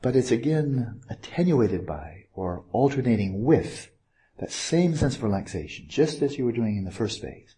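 A man giving a dharma talk as a meditation teacher on a retreat, gentle and playful, with unhurried pauses and small asides. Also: medium pitch, very animated.

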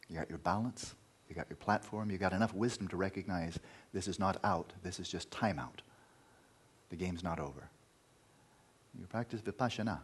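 A man's voice: deep voice, husky. A man teaching meditation in a dharma talk, emphatic, repeating key words and at times dropping to a near-whisper.

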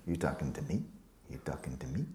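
A man's voice: extremely low pitch, lively intonation, quick pace, background noise. A man putting on a touchy, self-important man who bristles and insists on his title, huffy and mocking, in an echoey room. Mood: indignant.

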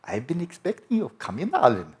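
A man's voice: on the high side, wildly swooping pitch, a little fast, darkish tone, voice pushed up. A man putting on a genial old male scientist with a German accent, in a playful, welcoming impression.

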